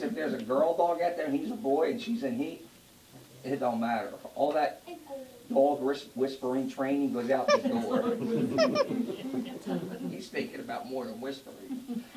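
A preacher delivering a sermon to a congregation, joking and rising to loud emphasis. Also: medium pitch. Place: church before a congregation. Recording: roomy echo, distant mic, faint noise.

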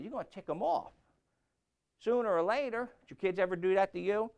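A man's voice: high-pitched, lively intonation, fast talker, clear, resonant tone. Blunt, emphatic preacher in his sixties. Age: 60s. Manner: emphatic and blunt, repeats phrases, rises to loud outbursts. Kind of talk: sermon.

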